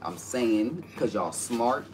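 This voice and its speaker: A man's voice: mid-range voice, expressive, takes it slowly, noisy background. A man in joking banter, teasing and bossing his friend around playfully. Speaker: co-host.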